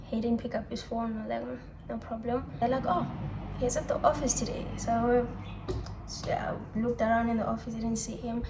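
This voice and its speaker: A young woman talking through a personal confessional vlog, reflective and halting, often restarting her sentences and letting out soft sighs. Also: on the high side, little pitch movement, noisy background. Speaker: vlogger. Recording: echoey room.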